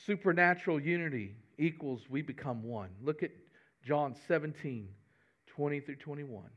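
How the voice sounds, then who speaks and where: A man's voice: fairly high pitch, normal speed, a bit bright, highs cut off. A man, a pastor giving a folksy, conversational sermon with humor.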